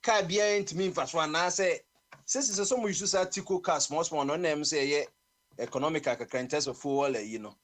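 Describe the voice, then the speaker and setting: A man hosting a casual radio chat. His voice is slightly high, and he asks question after question in a halting, filler-heavy way. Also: fairly bright tone.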